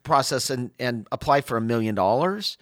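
Steady male financial advisor on radio. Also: mid-range voice, normal speed, no echo, clean studio sound. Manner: explanatory, steady advice-giving. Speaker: financial radio show co-host. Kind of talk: call-in radio talk.

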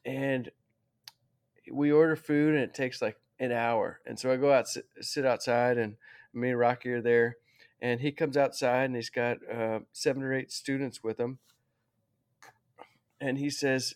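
Interview guest, male, mid-pitch, casual storyteller who corrects himself as he goes, heartfelt. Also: fairly even intonation, a little slow, clean tone. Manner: rambling, self-correcting, heartfelt.

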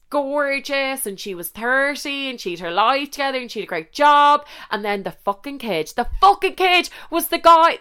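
A woman's voice: a little high, clean tone. Sweary Irish woman telling a story. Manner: heavy swearing, lively and indignant. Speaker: podcast host. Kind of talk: profane storytelling monologue.

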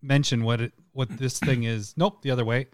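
A man's voice: mid-range voice, steady tone, fairly quick, no echo, studio quality. A man hosting a casual live podcast with rambling, joking banter. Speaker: podcast host. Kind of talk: casual live-stream chat.

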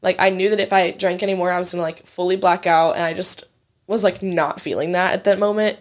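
A woman's voice: on the low side, steady tone, fast talker. A woman in her twenties telling a story in casual chat, swearing freely and acting out what others said. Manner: chatty, swears freely, acts out quoted voices.

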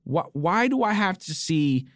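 A man's voice: on the high side, sing-song, a little slow, dry recording, studio quality. A man co-hosting a casual movie podcast, blunt, ranting and profane. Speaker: podcast co-host. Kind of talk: casual chat about movies.

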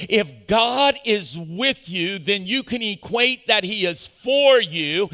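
A male pastor preaching an animated sermon, calling on the congregation to answer back. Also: high voice, takes it slowly, few pauses. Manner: animated preaching with call-and-response. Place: large church auditorium. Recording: echoey church hall.

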